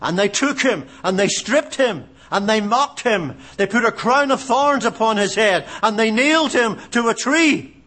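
A male preacher from Canada delivers a sermon with a fairly high voice. His pitch swoops widely as he presses rhetorical questions. He repeats key lines for emphasis. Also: expressive, a little slow, few pauses, a bit bright.

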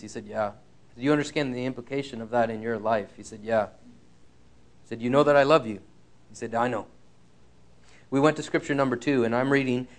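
Earnest man preaching a sermon. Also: mid-range voice. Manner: earnest, frank storytelling with restarts. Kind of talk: sermon with personal story.

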